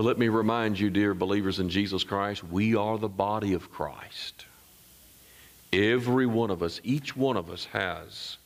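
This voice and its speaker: A male pastor preaching a sermon, climbing high in emphasis and dropping low and soft, with asides to the congregation. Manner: call-and-response asides to the congregation.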